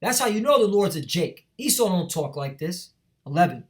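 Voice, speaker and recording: A man's voice: sits high, very animated, moderate pace. A man teaching from the Bible in an emphatic, preachy way, reading verses aloud and checking in with the listener as he goes. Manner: emphatic, repeats "all right?" and "man". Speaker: street preacher.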